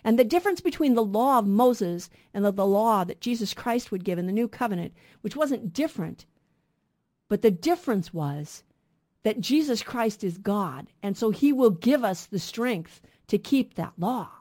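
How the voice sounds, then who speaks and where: A woman's voice: medium pitch, lively intonation, moderate pace, warm tone. A woman co-hosting a radio Bible program, teaching emphatically and posing rhetorical questions that she then answers herself.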